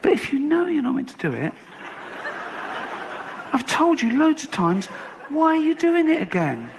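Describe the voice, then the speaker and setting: A man's voice: extremely high pitch, wildly swooping pitch, moderate pace, gravelly, background noise. A man performing a comedy bit, teasing and scolding someone with pointed questions.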